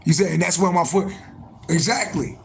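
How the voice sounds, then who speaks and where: A man's voice: on the high side, normal speed, vocal fry, a little hiss or hum, poor audio. A man hosting a casual livestream for viewers, swearing often, repeating himself for emphasis, with a strained voice, street sirens and horns nearby. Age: adult, born in January. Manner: profane, repetitive, emphatic. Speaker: livestream host, spiritual reader.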